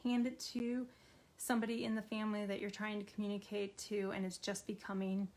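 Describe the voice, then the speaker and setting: A middle-aged woman teaching an art therapy activity, her voice gentle and encouraging. She speaks to the viewer directly as she draws, at an ordinary middle pitch. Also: flat delivery, brisk. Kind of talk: instructional art therapy video.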